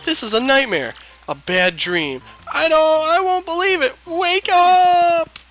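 A man voicing a gushing, lovestruck young girl in a squealing falsetto for a video game. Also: animated, slow pace, fairly bright tone, exaggerated voice. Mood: horrified.

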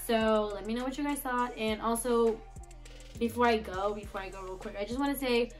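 A woman's voice: fairly high pitch, a little fast, faint music behind. A young woman hosting a casual solo podcast, recorded on her phone, giggling and swearing as she reads memes aloud. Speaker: podcast host.

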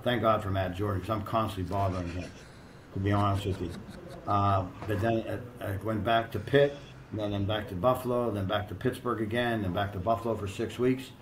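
A man's voice: on the low side, steady tone, brisk, slight background noise, low-quality recording. A middle-aged American man and strength coach telling blunt, profane, rambling stories in a casual interview.

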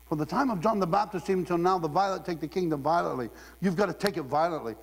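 A man's voice: a little high, quick pace, vocal fry. Joking man preaching in a hall. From Ohio. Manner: humorous, conversational, laughing often. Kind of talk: sermon. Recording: long hall reverb.

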